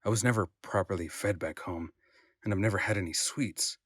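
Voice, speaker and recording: A man reading a first-person audiobook passage in a measured, storytelling way. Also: sits low, fairly bright tone, no room sound, clean studio sound. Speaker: audiobook narrator.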